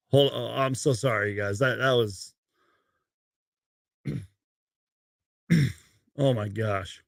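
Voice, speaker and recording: Young male fan host with a gravelly voice, live from his bedroom, bursts of excitement between rambling chat. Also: extremely slow, long pauses, dry recording, clean studio sound. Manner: excitable, loud outbursts on highlights, then rambling. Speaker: sports fan show host. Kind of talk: live post-game fan stream. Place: bedroom at home.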